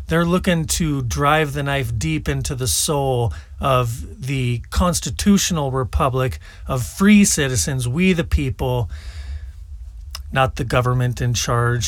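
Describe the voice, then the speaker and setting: A man's voice: medium pitch, unhurried, no echo. A man hosting a political commentary show, talking casually and scornfully between played clips. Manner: scornful, mocking.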